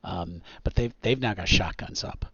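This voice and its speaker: A man narrating as game master of a tabletop game, relaxed and full of fillers, slipping into quick character voices. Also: low-pitched, slightly rough, no echo. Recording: dull lo-fi sound, dry.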